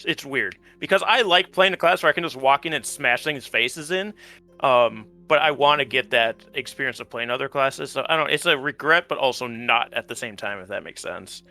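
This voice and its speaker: A man who played in a tabletop game, talking it over in a relaxed, rambling way with many ums. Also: medium pitch, moderate pace, soft background music. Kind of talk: casual post-series chat.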